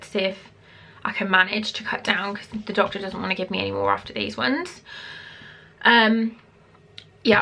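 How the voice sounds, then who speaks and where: A woman's voice: medium pitch, pushed and bright. A woman chatting casually in a vlog, a little out of breath, rambling between reading aloud and her own comments. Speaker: vlogger giving a pregnancy update.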